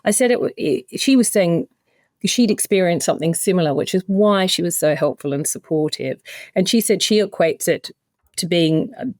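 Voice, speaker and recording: On a dry, studio-quality recording, a middle-aged Australian podcast guest shares a personal story with candor and emotion, filling it with quoted back-and-forth. Her lowish voice is animated, a little mellow, and moves at a moderate pace.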